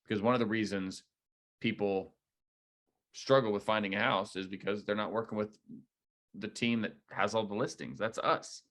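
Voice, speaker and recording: Man, low voice, direct coaching talk, energetic trainer. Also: moderate pace. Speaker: real estate team leader training agents.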